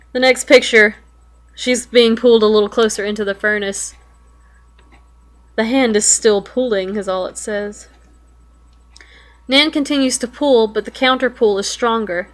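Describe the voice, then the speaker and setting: A young woman reading a web story aloud and reacting to it in casual chat, swearing and breaking into alarmed exclamations. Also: medium pitch. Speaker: web fiction reader reacting.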